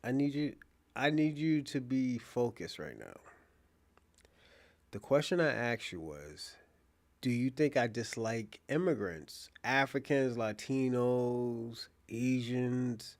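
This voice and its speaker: A man's voice: mid-range voice, expressive, slow pace. A man hosting his own show in casual live-stream commentary, speaking bluntly and profanely, addressing a viewer directly, and restarting phrases as he thinks aloud. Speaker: show host.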